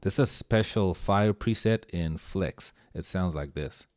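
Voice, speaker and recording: Speaking slowly in a low voice, a man walks through sounds in a relaxed screen-share tutorial on music production, using plenty of slang. Music plays underneath as he talks.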